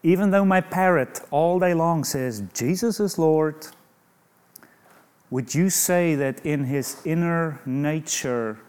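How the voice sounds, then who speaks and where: A man's voice: a little high, a little slow, hardly any pauses, darkish tone, clear, resonant tone. A man preaching a sermon in an emphatic way, asking rhetorical questions and adding humorous asides.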